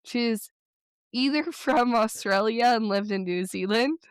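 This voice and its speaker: A woman co-hosting a podcast in casual chat, telling stories in a chatty, rambling way with quick bursts. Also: a little high, clear, resonant tone, no echo, clean studio sound. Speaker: podcast co-host.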